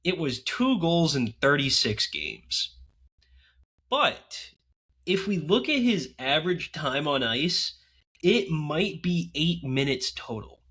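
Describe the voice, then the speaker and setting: A man chats loosely on a podcast with a bright, forceful tone. He jokes and teases sarcastically as he talks. The delivery stays relaxed and conversational. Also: on the high side, takes it slowly, breathy edge. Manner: joking, sarcastic banter. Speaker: podcast co-host. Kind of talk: casual hockey podcast chat.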